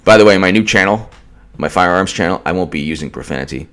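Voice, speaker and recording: Deep-voiced man ranting about politics. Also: animated, quick pace, fairly bright tone, clean tone. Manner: ranting, mocking, repetitive restarts. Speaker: political commentator. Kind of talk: opinionated political commentary.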